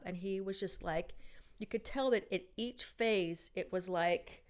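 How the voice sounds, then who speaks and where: A woman's voice: fairly low pitch, measured pace. A middle-aged woman co-hosting a casual chat and telling a story with many fillers and restarts. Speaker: podcast co-host.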